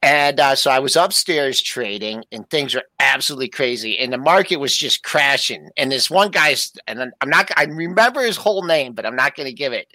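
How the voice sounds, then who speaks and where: An older man co-hosting a markets show, telling an old trading story in a casual, animated way. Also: medium pitch, brisk, few pauses, no echo. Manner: storytelling, animated when quoting. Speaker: co-host. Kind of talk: casual chat.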